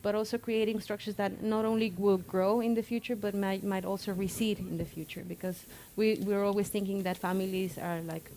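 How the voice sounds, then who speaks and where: Woman speaking at a public talk, even low tone, hesitant and thoughtful, pauses to find words. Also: slight background noise. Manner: hesitant, many fillers, reflective. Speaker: architect, invited speaker. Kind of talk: panel discussion.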